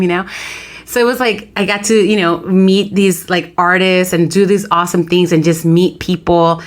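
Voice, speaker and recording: Lively woman telling a story. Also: fairly low pitch, normal speed. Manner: lively storyteller, animated quoted voices. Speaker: podcast co-host. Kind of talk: casual chat.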